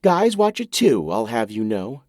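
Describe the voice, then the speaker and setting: A man's voice: medium pitch, wildly swooping pitch, unhurried, darkish tone, no echo, studio quality. A man voicing a playful, teasing young woman neighbor in an audiobook. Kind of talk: audiobook character voice.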